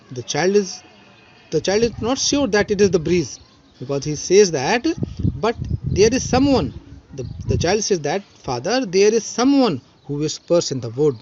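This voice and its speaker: A man with an Indian English accent, a school teacher slowly explaining a poem line by line with many fillers and restarts. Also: high-pitched, darkish tone, muffled recording, a little hiss or hum. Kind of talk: recorded online poetry lesson.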